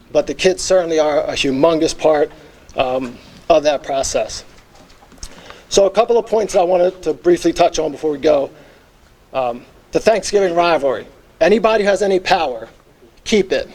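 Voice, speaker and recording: With lively intonation, a slightly high pitch, a darkish tone, and a moderate pace, a middle-aged man gives an earnest acceptance speech. He is a hall of fame inductee and former teacher and football coach, reminiscing with many fillers.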